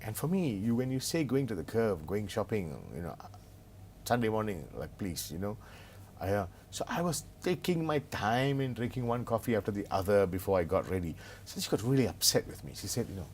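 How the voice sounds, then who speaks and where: Brief: middle-aged man, lowish voice, animated storyteller, playful and self-deprecating, interview guest. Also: a little fast, slight background noise. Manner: animated, humorous anecdotes, self-mocking asides. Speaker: business consultant and author as guest.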